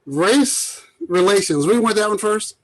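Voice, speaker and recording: A man's voice: high voice, animated, measured pace, poor audio. A man hosting a casual podcast with his cousins, talking in a loose, rambling way full of fillers. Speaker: podcast host. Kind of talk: casual chat.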